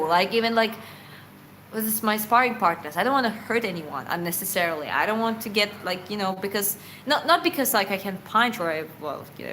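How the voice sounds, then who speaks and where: A woman's voice: medium pitch, pushed and bright, a little hiss or hum, poor audio. A woman boxer answering viewer questions in a casual livestream Q&A. She talks in an earnest, reflective way, rambles, corrects herself and laughs often.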